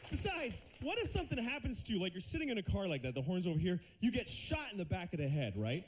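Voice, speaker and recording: A man doing a stand-up routine on a TV studio stage, lively and slipping into silly put-on voices. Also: high-pitched, fast, noisy background. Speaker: stand-up comedian.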